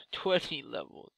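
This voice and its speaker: A young man giving loud, exasperated Let's Play commentary with swearing outbursts. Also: no echo. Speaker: gaming YouTuber.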